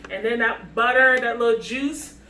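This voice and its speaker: A woman's voice: fairly high pitch, normal speed, sharp tone, slight background noise. A woman cooking in her home kitchen and chatting playfully with viewers. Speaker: cooking vlogger. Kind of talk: casual cooking chat. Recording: echoey kitchen, mic at a distance, music behind.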